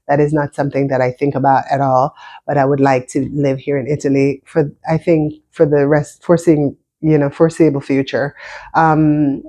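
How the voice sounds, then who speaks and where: A woman's voice: low-pitched, mellow. A woman in her fifties with a Jamaican-American accent, chatting casually and telling her personal story to viewers, often restarting and repeating words. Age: 50s. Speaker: vlogger.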